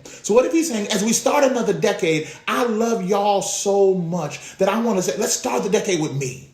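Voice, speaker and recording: Animated man preaching with big swings. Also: sits high, echoey room. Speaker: pastor. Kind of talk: sermon.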